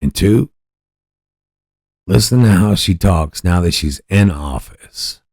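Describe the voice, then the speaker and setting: Man, podcast host, very low voice, dry close sound, blunt and cussing, ranting. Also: expressive, takes it slowly, vocal fry, a little mellow, husky, no echo. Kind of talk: profane political commentary.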